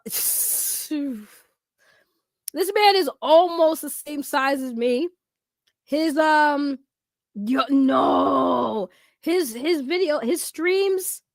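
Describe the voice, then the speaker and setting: Female commentator, high voice, animated and profane, dry close sound. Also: dry recording. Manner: animated, profane, laughing, incredulous. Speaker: YouTube commentator. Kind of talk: casual commentary chat.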